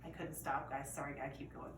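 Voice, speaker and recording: A woman reading a chapter book aloud to children in a lively way, pausing to ask the listeners questions. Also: low voice. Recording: roomy echo, distant mic, faint noise.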